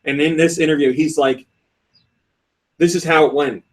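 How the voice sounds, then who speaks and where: A man hosting a casual podcast, reading listener comments and retelling stories in an animated way, often laughing. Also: on the high side, normal speed, far from the mic. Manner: animated storytelling with frequent laughs; reads listener comments aloud. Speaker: podcast host.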